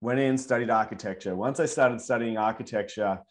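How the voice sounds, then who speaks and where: A man with an Australian accent, a guest telling his story in a relaxed, easygoing way over a video call. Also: mid-range voice, a little fast. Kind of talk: casual video call interview.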